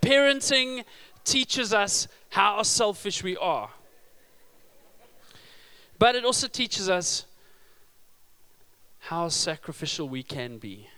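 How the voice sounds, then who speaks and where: A man, preaching a sermon with humorous stories and loud emphasis. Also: fairly high pitch, smooth. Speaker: pastor.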